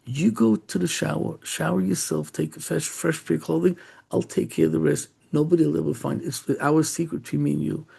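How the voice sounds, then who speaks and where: A man voicing a kind, caring teenage yeshiva boy who speaks urgently and reassuringly in a raised pitch. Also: steady tone, brisk, gravelly, warm tone, slightly rough, heavily acted.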